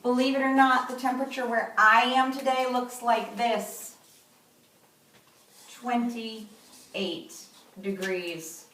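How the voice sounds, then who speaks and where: Brief: woman kindergarten teacher, fairly high voice, careful instructive delivery, recorded a bit off-mic. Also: a bit bright, recorded from a distance. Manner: slow, clear, instructive delivery. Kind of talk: remote classroom lesson. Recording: echoey room, voice from off-mic.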